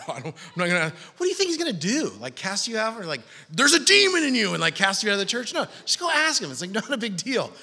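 Animated high-voiced pastor in a reverberant hall. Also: male voice. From California. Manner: animated, joking storyteller, acts out quoted voices. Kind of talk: sermon.

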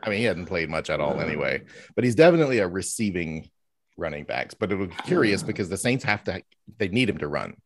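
A man's voice: deep voice, sing-song, fast, noisy background. A man hosting a casual sports chat, joking around and laughing often. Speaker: podcast host.

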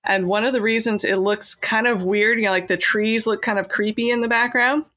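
A woman author from California talks in a relaxed, rambling way as a podcast guest, full of "um" and "you know" and quick laughs. Her voice sounds bright and forward. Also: on the high side. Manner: chatty, laughing, many fillers and restarts. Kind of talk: casual interview chat.

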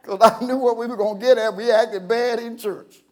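This pastor preaches with homespun stories, punctuated by abrupt shouting and bursts of laughter. His pitch is extremely high, yet his tone stays steady and his pace moderate.

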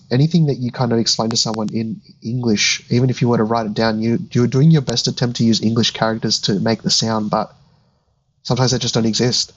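A man's voice: mid-range voice, low-quality recording. A man, co-hosting a podcast and thinking aloud in casual chat. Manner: musing, thinking aloud with restarts. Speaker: podcast co-host.

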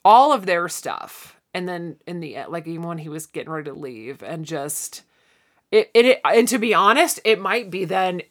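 A woman's voice: lowish voice, expressive, moderate pace. A woman co-hosting a podcast in casual chat, retelling scenes and acting out the characters' lines in quoted voices. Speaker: podcast co-host.

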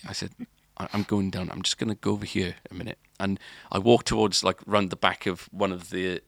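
A man's voice: sits low, little pitch movement, brisk, creaky, no room sound. A man telling a long story on a podcast, rambling and restarting often. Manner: rambling, lots of filler and restarts. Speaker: podcast co-host. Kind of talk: casual storytelling.

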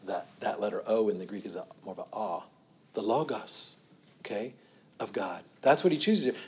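A man's voice: medium pitch, darkish tone, muffled recording. A middle-aged man, a pastor, teaching a sermon on scripture in a conversational way, repeating himself and asking the room questions.

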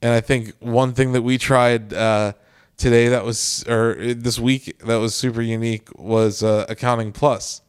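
A man's voice: mid-range voice, flat delivery, unhurried, clear, resonant tone. A man co-hosting a casual chat, explaining his views in an earnest, talkative way. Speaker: podcast co-host.

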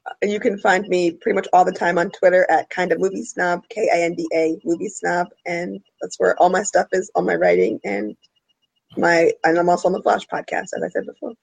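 A woman is a guest on a casual podcast, and her voice has a gravelly fry. She talks in an easygoing way and keeps filling her sentences with "like". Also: on the low side, level tone, a little fast, darkish tone, poor audio. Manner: easygoing, peppers speech with "like".

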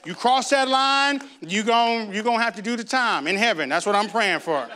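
Preaching with fervor, a male pastor at normal speed uses a high voice with a sharp tone. His call-and-response style is repetitive, asking the congregation for amens, and now and then he raises his voice.

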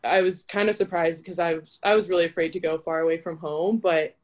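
A woman's voice: on the low side, fairly even intonation, a little fast. Chatty young woman telling a story. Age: young adult. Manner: chatty, with frequent filler "like". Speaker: interview guest, college volleyball player. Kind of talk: casual storytelling.

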